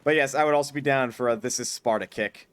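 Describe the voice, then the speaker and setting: Streaming a difficult game, a fast-talking man with a medium-pitched, slightly bright, smooth voice chats casually, swears often and launches into mock-grand speeches. The recording carries no room sound.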